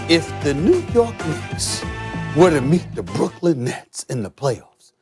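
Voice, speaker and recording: Loud, theatrical man debating sports. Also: a little high. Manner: loud, theatrical, repeats himself, mock-emotional.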